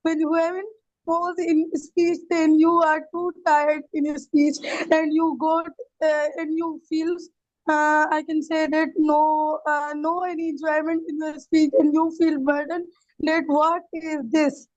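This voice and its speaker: A woman in a workshop speaks hesitantly, filling pauses with "uh". Her voice sits very high, and the dry, dull audio sounds like a video call. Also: level tone, no room sound. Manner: hesitant, with many fillers. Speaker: workshop participant. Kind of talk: speaking in an online session.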